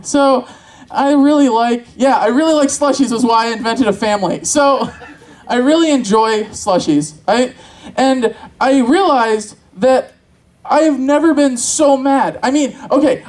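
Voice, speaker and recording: A man's voice: very high-pitched, a little slow, darkish tone, poor audio. Guy doing open-mic stand-up, crude and rambly, laughing at himself onstage. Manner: crude, rambling, self-mocking. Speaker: stand-up comic. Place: convention stage with live audience.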